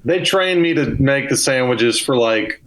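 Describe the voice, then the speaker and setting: A man's voice: mid-range voice, animated, a little slow, a bit bright, low-quality recording. A young man with a Southern US accent, a comedian telling loose, self-deprecating stories as a guest in a casual podcast interview.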